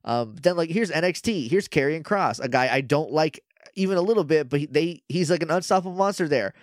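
A man's voice: on the high side, animated, brisk, no room sound, clean studio sound. A man co-hosting a podcast in casual chat, rambling and sarcastic. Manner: rambling, sarcastic, acts out quotes. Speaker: podcast co-host.

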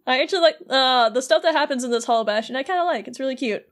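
Wanita pencerita santai bersuara agak tinggi. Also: female voice, high voice. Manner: retells game scenes in quick paraphrased character voices. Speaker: podcast co-host. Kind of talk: casual podcast chat.

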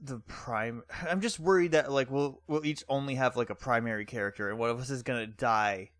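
A man's voice: medium pitch, brisk, a bit bright, dry recording. A man playing a tabletop game, playful and giggly in casual chat. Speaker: player.

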